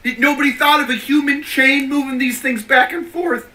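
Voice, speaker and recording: A man doing sarcastic video commentary, incredulous and shouting in disbelief. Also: very high voice, steady tone, moderate pace, reverberant, recorded from a distance, very noisy. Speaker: commentator in a played clip.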